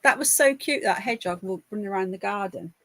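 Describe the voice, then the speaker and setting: A woman's voice: mid-range voice, fast, a bit bright, no echo. A woman hosting a live news podcast from home on a laptop mic, chatting in a rambling, easily distracted way. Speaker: podcast host reading news. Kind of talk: casual live news chat. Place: home by a window.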